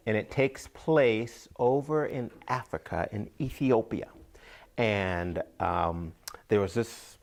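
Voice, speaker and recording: Slow, gravelly-voiced male storyteller. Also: on the low side. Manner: drawn-out, repetitive, dips into whispers. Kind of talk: oral folk-tale telling.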